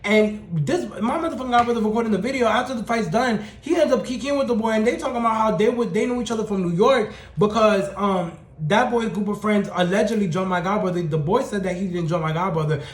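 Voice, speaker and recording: A young storytime vlogger with a high voice rattles off his story fast, packed with slang and swearing. He's sassy and animated in this casual storytelling rant, and the room echoes around him.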